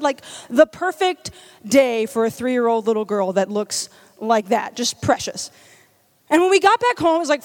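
A woman from Louisiana giving a comedic storytelling sermon, chatty and self-deprecating, with many "like"s. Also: sits high. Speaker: church speaker.

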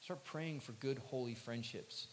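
A man's voice: medium pitch, unhurried. Chatty man speaking in an echoing hall. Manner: chatty, self-joking, acts out quotes. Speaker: youth speaker. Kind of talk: talk to young people. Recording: long hall reverb, faint hiss.

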